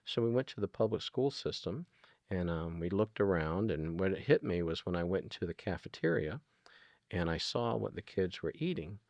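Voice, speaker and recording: A man's voice: deep voice, lively intonation, normal speed, a little mellow, no echo. A middle-aged man talking earnestly as an interview guest, retelling conversations with plenty of ums and you-knows. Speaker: guest, food nonprofit founder.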